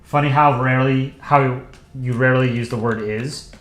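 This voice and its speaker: A man's voice: medium pitch, fairly even intonation, moderate pace, a bit bright. Offhand man chatting on a drawing stream. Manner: rambling, offhand, chuckling, thinking aloud. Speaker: livestream host drawing. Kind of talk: casual livestream chat while drawing. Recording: roomy echo with faint music behind.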